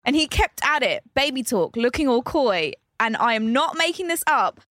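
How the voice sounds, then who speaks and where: A young woman co-hosting a podcast, telling dating stories in animated, casual chat and laughing and gasping often. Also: high voice, dry recording, studio quality. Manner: animated storyteller, quick to laugh and gasp. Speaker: podcast co-host.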